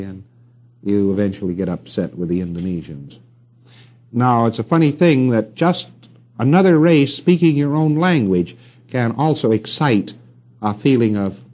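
A man's voice: medium pitch, animated, a little slow, darkish tone, lo-fi sound. A middle-aged man giving a rambling lecture to an audience, with wry asides and rhetorical questions.

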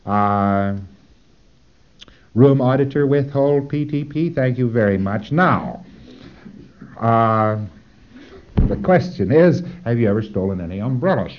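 A man's voice: mid-range voice, lively intonation, slow, pauses often. A man giving a technical lecture, explaining step by step with dry humor and acting out short examples, on a dull lo-fi tape recording.

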